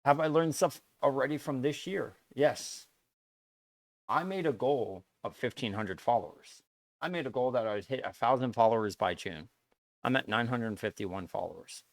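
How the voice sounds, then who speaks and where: A man's voice: medium pitch, moderate pace, no echo. A man streaming live, talking earnestly and at length to his chat, repeating his points and swearing often. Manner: earnest, lecturing and repetitive, with frequent swearing.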